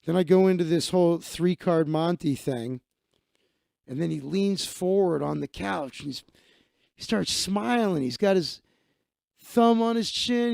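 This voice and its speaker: Gravelly guy rambling on his live stream, a bit high, dry sound, swears a lot. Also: a little slow, a little mellow, no echo. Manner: rambling, profane, many restarts and fillers. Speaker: live-stream host, magician. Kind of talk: casual storytelling monologue.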